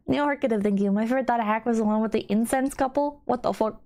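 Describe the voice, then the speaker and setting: A woman with a voice a little higher than most, talking casually on a livestream. She answers chat in a blunt, wry way and swears freely. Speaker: streamer reading chat.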